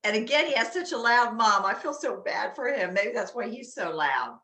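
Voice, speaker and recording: A woman talking casually and loudly about dog games, with many fillers, recorded in an echoey room at home. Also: a little high, lively intonation, normal speed. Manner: loud, chatty, with many fillers. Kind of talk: casual how-to talk. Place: inside a home.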